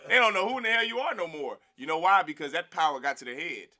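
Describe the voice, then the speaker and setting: A man teaching a Bible class in a lively preaching manner, calling for response from the room and mimicking other people's voices. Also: a little high, quick pace.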